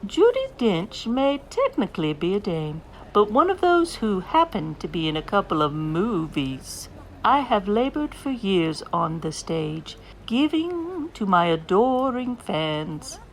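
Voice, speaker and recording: A woman's voice: medium pitch, sing-song, unhurried, a little hiss or hum, low-quality recording. A woman playing a pompous British stage dame. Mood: haughty. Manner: grandiose, self-important, theatrical declaiming. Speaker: guest host.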